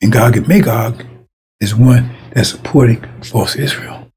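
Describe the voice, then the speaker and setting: A man's voice: mid-range voice, measured pace, a little mellow, slightly rough. A man giving an informal, rambling sermon, repeating himself and stressing points emphatically, with occasional stumbles. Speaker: preacher.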